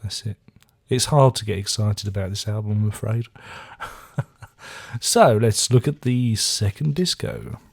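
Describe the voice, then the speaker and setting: Rambling man, low husky voice. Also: measured pace. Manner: rambling, self-mocking, dry jokes. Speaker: album reviewer. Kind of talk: casual chat.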